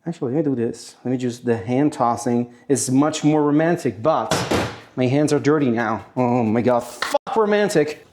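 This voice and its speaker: A man's voice: medium pitch, expressive, moderate pace, darkish tone. A man from Italy, cooking on camera in a playful, exclamatory way. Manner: playful, exclamatory, self-mocking. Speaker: home cook. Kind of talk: cooking demonstration.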